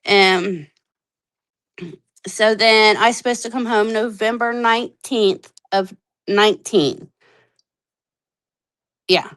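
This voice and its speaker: A woman in her thirties telling her own story candidly on a podcast, animated, acting out the voices she quotes and swearing freely. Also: medium pitch, slow, pauses often, poor audio. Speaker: podcast guest.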